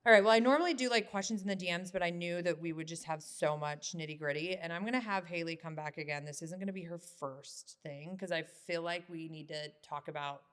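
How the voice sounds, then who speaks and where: A woman hosting a podcast in casual chat, candid and quick to laugh, swearing lightly as she goes. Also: lowish voice, clear, resonant tone. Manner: candid, laughs often, says freaking a lot. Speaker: podcast host.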